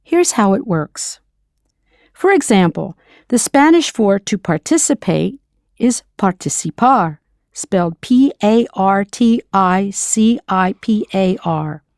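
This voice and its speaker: Lively-voiced woman teaching a language lesson. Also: mid-range voice, no echo, studio quality. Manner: spells words letter by letter, models Spanish slowly. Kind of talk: scripted audio language lesson.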